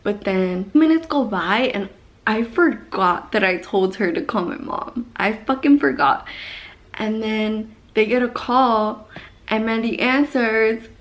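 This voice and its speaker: A young woman vlogger telling a story in a casual, animated way, swearing a lot and rambling into asides. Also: fairly high pitch, slow pace.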